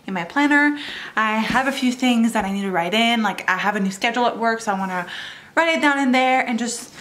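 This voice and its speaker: A young woman talks through her week in a casual reading vlog. Her voice sits at a middle pitch, and she fills gaps with ums and likes as she chats. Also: a bit bright, a little hiss or hum. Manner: chatty, frequent ums and likes. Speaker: book vlogger.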